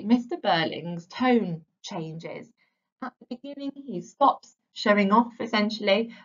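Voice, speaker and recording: Brief: woman teacher, mid-pitched voice, steady explanatory delivery with stressed key words, dull lo-fi sound. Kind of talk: literature lesson.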